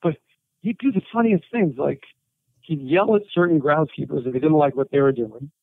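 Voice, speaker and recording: A man, a writer and interview guest, telling animated anecdotes and quoting people as he goes. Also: on the high side, normal speed, vocal fry, no echo. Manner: animated anecdotes with quoted voices and laughter. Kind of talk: storytelling interview. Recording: tinny phone-like line.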